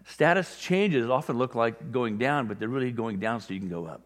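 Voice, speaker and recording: A pastor with a mid-range voice and lively intonation preaches at a normal speed, keeping it conversational and briefly acting out the voices of the people he describes. A long hall reverb colors the recording.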